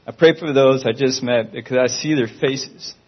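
Guy giving an earnest pleading testimony, normal pitch, kinda muffled lo-fi audio. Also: normal speed. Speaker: Christian testimony speaker.

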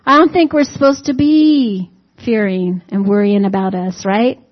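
A woman's voice: medium pitch, steady tone, measured pace. A woman preaching a sermon in a conversational, folksy way, peppering it with rhetorical questions to the congregation and humorous asides. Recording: dull lo-fi recording.

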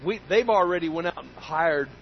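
A man's voice: on the high side, expressive, moderate pace, highs cut off, a little hiss or hum. A man preaching a sermon in an emphatic, folksy way, repeating key phrases for weight. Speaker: pastor.

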